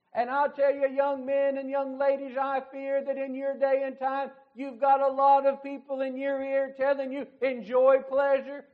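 High-pitched preaching man, tinny phone-like sound. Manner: fervent, pleading with rising emphasis. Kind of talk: sermon.

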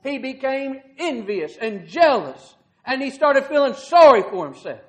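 Male preacher, very high-pitched, folksy sermon delivery with dramatic swells. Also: sing-song, a little slow. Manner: earnest, folksy preaching with rhetorical questions.

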